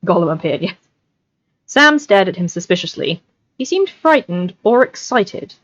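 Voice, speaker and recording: A woman's voice: lowish voice, sing-song, normal speed, dry recording. A woman reading a novel aloud on a livestream, chatty and scattered, with asides, over a desk mic. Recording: lo-fi livestream audio.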